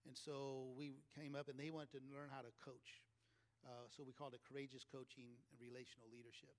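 A man's voice: medium pitch, level tone, fairly quick. A man, a leadership coach, telling a chatty story to a live audience and laughing often between phrases.

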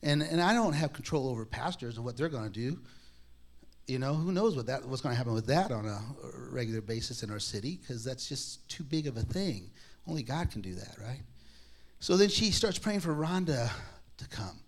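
Animated and at a moderate pace, a mid-range male voice delivers a personal testimony to a congregation like a sermon story. He's chatty and self-deprecating, acting out the dialogue he quotes, with frequent restarts and laughter.

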